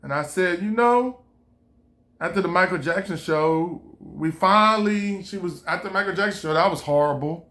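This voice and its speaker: A man's voice: high-pitched, normal speed, hardly any pauses, bright, forceful tone. A man casually telling a personal story, rambling and repeating himself while he quotes his own thoughts. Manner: rambling, repetitive, quoting himself. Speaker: vlogger.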